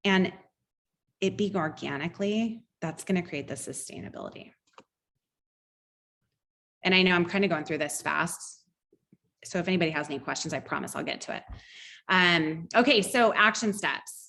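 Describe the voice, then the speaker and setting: A woman's voice: fairly low pitch, normal speed, gravelly, pauses often, sharp tone. A middle-aged woman coaching a sales team in an online training, upbeat and conversational, teaching through personal stories.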